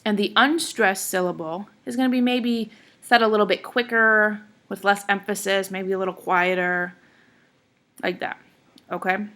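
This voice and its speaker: A woman's voice: mid-range voice, fairly even intonation, normal speed, fairly bright tone. A woman teacher giving a classroom lecture, explaining step by step in a patient way and often checking in with her students.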